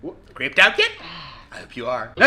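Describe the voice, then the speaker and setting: A man commenting on his own gameplay, shouting and swearing in frustration between joking asides. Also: mid-range voice. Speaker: gaming video host. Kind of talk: let's play commentary.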